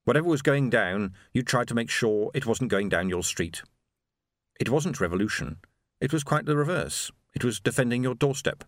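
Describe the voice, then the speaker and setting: Expressive male audiobook narrator. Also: mid-range voice, moderate pace, no room sound, clean studio sound. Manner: expressive, animated storytelling. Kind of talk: scripted narration.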